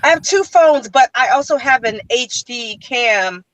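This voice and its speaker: A woman actor in a casual production meeting over a video call, asking questions in a curious, lively way. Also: fairly high pitch, a little slow, poor audio.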